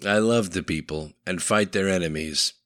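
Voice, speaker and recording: A man voicing a weary former Soviet man in a storybook, speaking calmly and flatly. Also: low voice, no echo, studio quality. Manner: calm, flat, measured.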